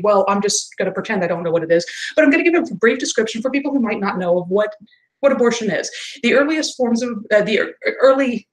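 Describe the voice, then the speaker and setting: A woman's voice: on the high side, low-quality recording. Impassioned woman live-streaming. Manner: impassioned, argumentative, rising to emphatic outbursts. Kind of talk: casual live-stream talk. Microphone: home streaming mic.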